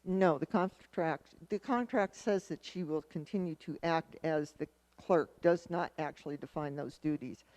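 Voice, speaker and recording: A woman's voice: deep voice, darkish tone, no echo. Woman mayor chairing a town meeting. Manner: measured, procedural.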